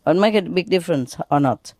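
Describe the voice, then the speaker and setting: A woman spiritual teacher telling jokes to an audience in an unhurried way, often laughing at her own punchlines and restarting her phrases. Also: lowish voice, expressive, a little mellow, dry recording.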